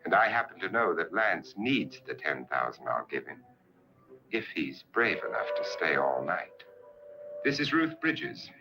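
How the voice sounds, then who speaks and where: Very deep-voiced, sardonic rich host, lively, smooth 1950s film delivery, music under an old soundtrack. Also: male voice, unhurried, heavily acted, low-quality recording. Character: suave wealthy man hosting a sinister party. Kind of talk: 1950s horror film acting.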